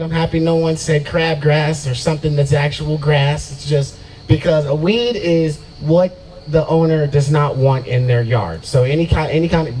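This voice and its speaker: A man in his forties works an outdoor open-mic crowd with a loose, swaggering stand-up set, cursing freely and cracking himself up. His voice sits a little high for a man. A faint murmur of the crowd lingers behind him on the stage mic. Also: warm tone, slight background noise, rough recording. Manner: profane, loose and boastful, laughing at own jokes. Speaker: stand-up comedian. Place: open mic at a brewery, out of doors.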